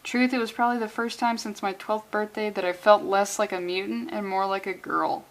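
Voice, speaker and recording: A woman reading a wistful teenage girl's comic-book narration in a soft, quieter voice. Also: medium pitch, fairly even intonation, fairly quick, lightly acted, low-quality recording.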